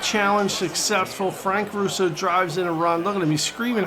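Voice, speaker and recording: A man doing jokey, excitable mock-sportscaster play-by-play over a baseball video game. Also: sits high, moderate pace, hardly any pauses. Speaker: gaming channel host. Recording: steady background noise.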